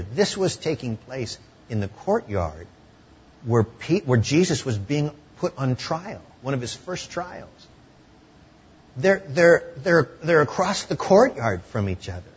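A man preaching a sermon in a conversational way, sometimes dropping to hushed tones. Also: mid-range voice, very animated, takes it slowly, breathy edge, highs cut off. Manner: conversational, drops to hushed tones for emotional moments.

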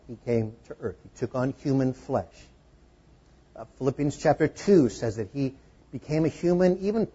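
A man preaching a sermon to a congregation, explaining scripture in a conversational, gently humorous way. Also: medium pitch, husky, muffled recording. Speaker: pastor. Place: room with a congregation.

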